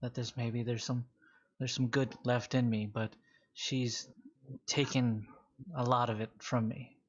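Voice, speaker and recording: A hushed, honor-bound male warrior who is part cyber jackal, played by a man running a tabletop game. He speaks slowly and deliberately, weighing each word. The recording is slightly dull and lo-fi. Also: mid-range voice, flat delivery, close to an everyday voice. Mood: solemn.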